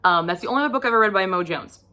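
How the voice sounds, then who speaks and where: A woman's voice: medium pitch, expressive, very fast, sharp tone. A woman giving a casual book review vlog, emphatic and profane, acting out her own reactions.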